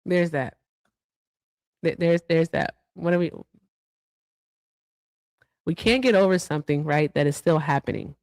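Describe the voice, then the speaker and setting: A woman's voice: deep voice, a little slow, long pauses, a little mellow, dry recording. A woman co-hosting a livestream show, chatting casually and reading out viewer thank-yous with asides. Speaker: livestream co-host.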